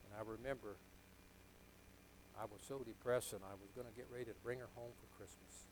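An older man preaching a sermon, telling a personal story with deep emotion, dropping to a hush and then rising to loud emphasis. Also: steady tone, a little fast, a little hiss or hum, rough recording. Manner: emotional, confessional storytelling that swings from hushed to loud.

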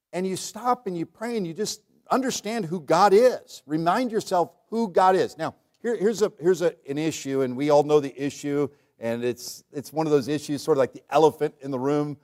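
Folksy preacher man, higher voice. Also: normal speed, few pauses. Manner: folksy, humorous preaching with dramatic shifts in loudness and pace. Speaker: pastor. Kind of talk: sermon. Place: church.

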